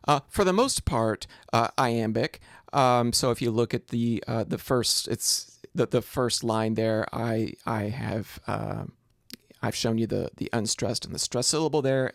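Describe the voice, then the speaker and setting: A man's voice: mid-range voice, unhurried, vocal fry, no echo, clean studio sound. A man lecturing on poetry in a recorded video lesson. He explains step by step and often restarts his phrases. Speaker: literature lecturer.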